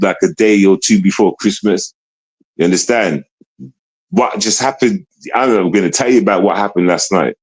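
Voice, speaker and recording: Profane, rambling low-voiced male streamer. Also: a little mellow, rough recording. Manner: repetitive, profane, keeps asking "you understand?"; confrontational, swings between low mutter and raised voice. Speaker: livestreamer. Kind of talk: rambling livestream monologue.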